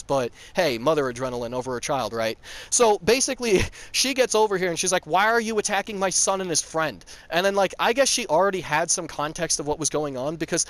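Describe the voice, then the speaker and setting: A man telling a story in a casual, rambling way, full of filler words and casual swearing. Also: fairly high pitch.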